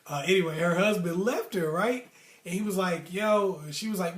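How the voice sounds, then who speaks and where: A man's voice: sits high, normal speed. Slangy man telling a story, roomy. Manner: relaxed, slangy, rambling asides. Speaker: storyteller host. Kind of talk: casual storytelling. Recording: roomy echo.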